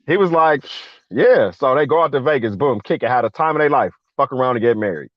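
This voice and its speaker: Talking fast in a mid-range voice, the guest veteran delivers a long personal story casually, full of slang and animated impressions of the people he quotes. The recording sounds dull, lo-fi and dry, with no echo.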